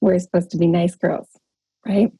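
Husky, mellow-voiced woman leading a call. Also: on the low side, steady tone, normal speed, no echo. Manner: encouraging, tags points with "right?". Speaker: workshop leader on a group call. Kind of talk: casual coaching talk. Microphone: call audio.

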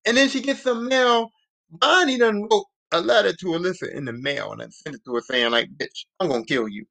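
High-voiced man recapping a show. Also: fairly quick, creaky, sharp tone. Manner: profane, rambling slang. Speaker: podcast host. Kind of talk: casual TV recap.

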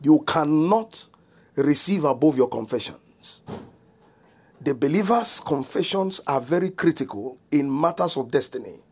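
A man's voice: a little high, animated, a little slow, a little mellow, husky. A man, a pastor delivering a devotional sermon with declared prayers and repeated rhetorical questions. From Nigeria.

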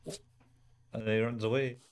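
A man's voice: medium pitch, flat delivery, takes it slowly. A man casually recapping an episode in a chat, rambling along and acting out quotes with laughs.

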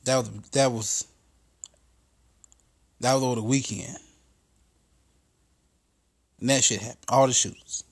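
A man's voice: mid-range voice, steady tone, measured pace, vocal fry, long pauses, breathy edge. A man hosting a podcast, telling a profane comedic story in a casual monologue that builds into exasperated rants. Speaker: podcast host.

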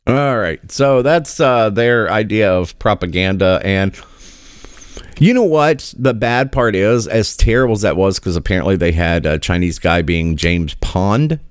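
Deep-voiced sarcastic middle-aged man. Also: measured pace, clear, resonant tone, no echo. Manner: hesitant, sarcastic, many fillers. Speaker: commentator. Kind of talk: casual commentary.

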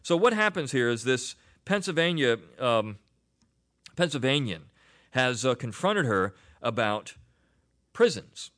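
A middle-aged man talks unscripted as the host of a podcast. His pitch moves around a great deal and sounds lively, and he talks in a chatty way, with many fillers and restarts. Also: a little slow. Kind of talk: unscripted commentary monologue.

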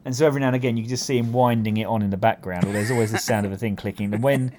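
A man's voice: mid-range voice, fairly even intonation, racing, noisy background. Chatty man riffing. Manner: rambling, amused, many fillers. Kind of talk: casual comedic chat.

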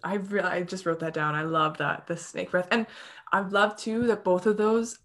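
A woman co-hosting a casual chat about breathwork, telling stories in a gushing, animated way. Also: on the low side, normal speed.

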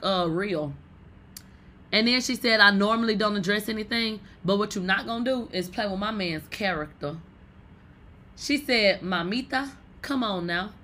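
A woman hosting a casual celebrity gossip show, blunt, profane and animated. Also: mid-range voice.

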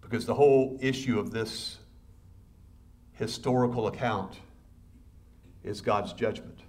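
A pastor with a lowish male voice preaches to his congregation at a slightly slow pace, firing urgent rhetorical questions straight at them. His impassioned sermon swells into loud, fervent passages.

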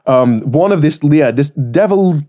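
Animated, rambling podcast man. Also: a little high, measured pace. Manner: animated, rambling, swears freely. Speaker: podcast co-host. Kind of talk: casual podcast chat.

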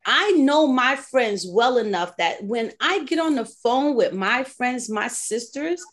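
A woman in her forties or older, hosting a podcast in casual chat, an animated storyteller who laughs often, speaking. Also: on the high side, unhurried. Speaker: podcast host.

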